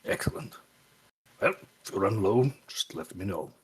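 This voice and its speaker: A man voicing a calm, darkly humorous adventurer doctor in a low, hushed, wry tone with a husky edge. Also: normal speed.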